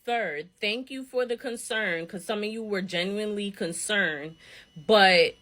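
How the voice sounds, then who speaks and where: A woman's voice: mid-range voice, unhurried, fairly bright tone. A woman, giving an emphatic social media rant and counting off her points one by one. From United States.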